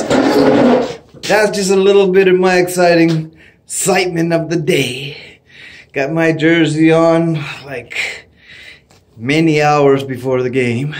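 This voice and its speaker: A middle-aged man from Canada vlogging at home in a casual, excitable way, laughing often and whooping loudly. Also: on the high side, unhurried. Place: home, indoors.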